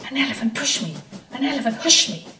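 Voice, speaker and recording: A woman's voice: high-pitched, animated, fast, bright, forceful tone, pitched above the performer's own voice, exaggerated voice. Lady doing a whiny sulky train engine, bouncy voice, kinda far off and echoey. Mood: indignant. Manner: whiny, complaining. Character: sulky grumbling male steam engine. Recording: echoey room, far from mic, faint hiss.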